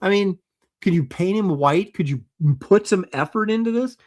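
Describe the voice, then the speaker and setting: A man with a slightly high-pitched voice hosts a loose, chatty livestream. He talks in an offhand, sarcastic way, poking holes in whatever he is shown and reading viewer comments out loud. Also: lively intonation, normal speed. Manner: sarcastic, skeptical, reads viewer comments aloud. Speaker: livestream host.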